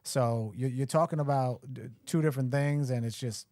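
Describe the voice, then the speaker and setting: A man's voice: mid-range voice, normal speed, a little mellow, no echo, studio quality. A man running for mayor, talking bluntly and emphatically on a live show. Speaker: mayoral candidate guest.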